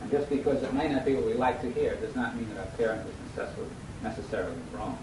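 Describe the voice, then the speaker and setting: Male preacher, sermon style, quizzes listeners to finish verses, echoey hall, faint low rumble behind. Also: rapid-fire, recorded from a distance. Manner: acts out lively quoted voices. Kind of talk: sermon with scripture reading.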